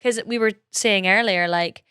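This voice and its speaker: A woman's voice: medium pitch, normal speed, sharp tone, smooth, no echo, studio quality. A woman hosting a podcast interview, asking thoughtful, rambling questions with plenty of fillers. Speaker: podcast host. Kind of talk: casual interview chat.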